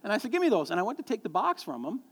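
A middle-aged male pastor with a high voice races through a sermon in a church sanctuary, telling stories and joking animatedly with the congregation. Long hall reverb fills the recording, along with a little hiss or hum.

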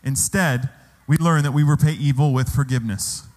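A man's voice: medium pitch, normal speed, a little mellow. A man preaching a sermon as pastor in a church, asking the congregation rhetorical questions. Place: church hall. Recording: long hall reverb.

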